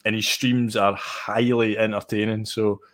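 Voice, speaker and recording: A man's voice: on the low side, little pitch movement, unhurried, fairly bright tone. A man with a Scottish accent, a sim racing guest chatting casually and enthusiastically in an interview, often restarting his phrases.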